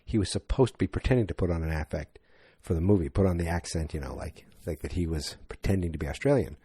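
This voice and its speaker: A man's voice: low voice, fast talker, warm tone, husky, no room sound, studio quality. A man hosting a podcast, giving a casual, rambling movie review monologue that often corrects itself. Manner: rambling, self-correcting, chatty. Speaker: podcast host.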